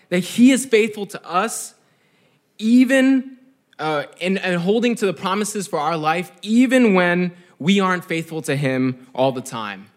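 A young man giving a sermon in a conversational, earnest way, often checking in with "right?". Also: sits high. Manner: conversational, keeps asking "right?"; earnest, reflective. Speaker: preacher.

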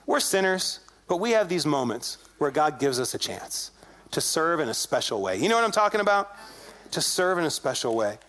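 A man's voice: a little high, big pitch swings, normal speed, a bit bright. A male pastor preaching a sermon, telling a story in a conversational way and acting out the quoted dialogue with animation. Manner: conversational, addresses congregation directly.

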